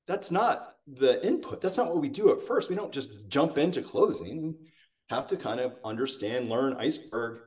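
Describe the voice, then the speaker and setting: A male sales coach talking conversationally as a podcast guest, animated and full of stories. His voice has a middle pitch and sounds a little distant from the microphone. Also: moderate pace. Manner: animated, acts out quotes. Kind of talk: conversational storytelling.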